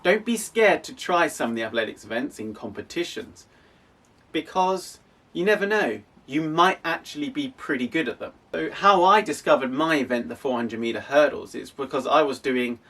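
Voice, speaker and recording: A man's voice: mid-range voice, expressive, moderate pace, sharp tone, husky, distant mic. A young man from an athletics club, explaining casually with frequent restarts. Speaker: athletics club coach and host.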